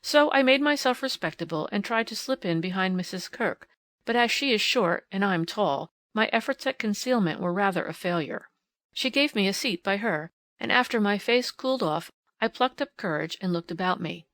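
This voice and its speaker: A woman's voice: mid-range voice, expressive, normal speed, fairly bright tone, no echo. A woman reading a classic novel aloud as an audiobook, with small voice shifts for the dialogue. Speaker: audiobook reader.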